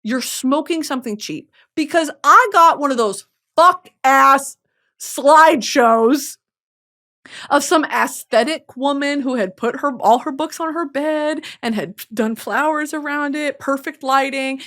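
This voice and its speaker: A young woman hosts her own show, riffing in a loose, swear-heavy monologue. Her voice sits fairly high, and she drifts from soft, reflective murmuring into loud, mock-furious rants. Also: measured pace. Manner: profane, ranting, swings from quiet reflection to shouting. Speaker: podcast host. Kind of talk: casual comedic monologue.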